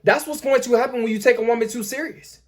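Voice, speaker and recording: A man's voice: very high-pitched, steady tone, quick pace. A man hosting a dating-advice talk, lecturing emphatically, repeating his points and addressing his viewers as guys. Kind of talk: lecturing commentary.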